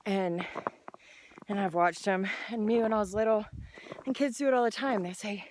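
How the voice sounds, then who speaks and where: A woman giving an earnest, encouraging personal devotional talk outdoors on a hillside trail, speaking slowly and with emphasis. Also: mid-range voice, darkish tone, a little hiss or hum. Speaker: Christian vlogger sharing faith.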